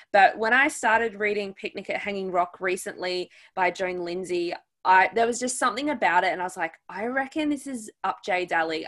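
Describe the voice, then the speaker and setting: A woman's voice: medium pitch, a bit bright. A woman with an Australian accent hosting a podcast, chatting casually with many ums and restarts. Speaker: podcast host. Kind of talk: casual chat.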